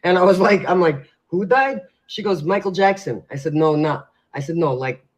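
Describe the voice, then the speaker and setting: A man's voice: on the high side, a little fast. A man co-hosting a casual advice show, telling rambling stories full of fillers. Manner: rambling storyteller, filler-heavy. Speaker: co-host. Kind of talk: casual podcast chat. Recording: dull lo-fi sound.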